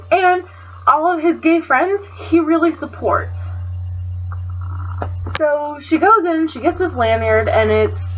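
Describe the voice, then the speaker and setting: A woman with a high voice rants indignantly to her camera, telling a story in loose, filler-heavy chatter and swearing freely. The audio is dull and lo-fi, like a cheap webcam mic. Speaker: vlogger. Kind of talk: casual storytelling rant.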